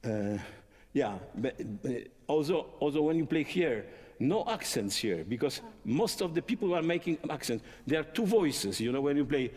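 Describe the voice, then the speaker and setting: A man teaching a violin masterclass, singing musical phrases in syllables and explaining tempo and dynamics in halting speech with many fillers. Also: on the high side, lively intonation, darkish tone. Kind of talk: masterclass instruction. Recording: long hall reverb.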